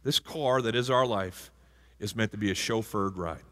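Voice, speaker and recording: A man's voice: lowish voice, normal speed, a bit bright. A male pastor giving a conversational sermon and asking the congregation questions. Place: church sanctuary. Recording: hall reverb from a church.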